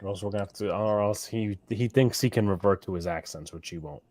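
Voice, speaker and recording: A man doing play-by-play commentary on a fan livestream, mixing excited play calls with joking banter. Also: fairly low pitch, quick pace, no room sound.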